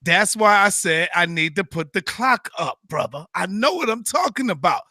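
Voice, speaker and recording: A man with a high, bright, sharp voice keeps a rowdy video-call debate in check. He talks loud and pushy, joking threats mixed with brotherly calls for order, and the sound is dry and close. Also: animated, moderate pace, no echo. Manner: loud, insistent, playful threats. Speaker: debate moderator. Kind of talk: heated online debate.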